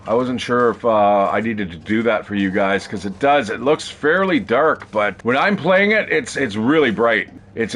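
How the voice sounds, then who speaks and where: A man's voice: lowish voice, fairly bright tone. A man giving casual, rambling commentary while playing a survival video game, chatting to viewers and swearing now and then. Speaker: gaming streamer.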